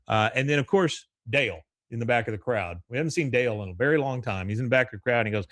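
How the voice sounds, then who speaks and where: A man's voice: medium pitch, expressive, racing, few pauses, fairly bright tone, no room sound, clean studio sound. A man hosting a podcast, casually recapping an episode in a rambling way and acting out lines as he goes. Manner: rambling storyteller, acts out the lines. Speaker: podcast host.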